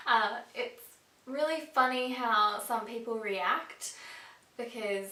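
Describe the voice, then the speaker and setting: A woman's voice: fairly high pitch, slow, pushed and bright. A pregnant woman in her twenties chatting casually and upbeat in a vlog, with frequent fillers. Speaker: vlogger. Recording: echoey room, mic a bit distant.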